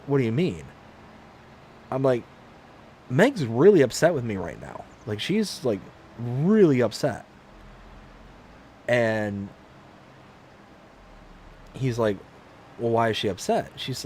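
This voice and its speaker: A man's voice: medium pitch, slow, long pauses. A man chats casually on his livestream, spinning a long personal anecdote. His voice climbs and dips freely as he acts out each person in the story. A faint background noise sits under the recording. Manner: animated, acts out quoted voices. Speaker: livestream host.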